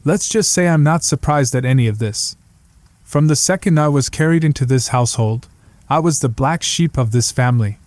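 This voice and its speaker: A man's voice: medium pitch, moderate pace, a little mellow, no echo, close to an everyday voice. A man voicing a blunt young psychology student who answers in a dry, dismissive, lecturing way. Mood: sardonic.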